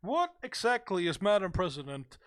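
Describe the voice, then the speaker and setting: A man's voice: high voice, big pitch swings, normal speed, a bit bright. A man hosting as a radio DJ, trading brash, self-promoting jokes in comedic banter.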